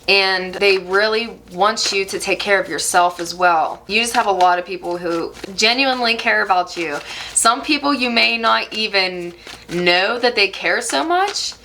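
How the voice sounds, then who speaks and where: A woman giving a channeled tarot reading to her viewers in a soft, reassuring, reflective way. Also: mid-range voice, a little hiss or hum. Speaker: tarot reader.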